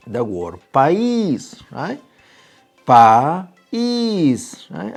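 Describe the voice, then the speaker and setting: Patient man teaching, animated pitch. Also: gravelly. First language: Spanish. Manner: patient, asks "right?" after nearly every point. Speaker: Spanish teacher. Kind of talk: video lesson.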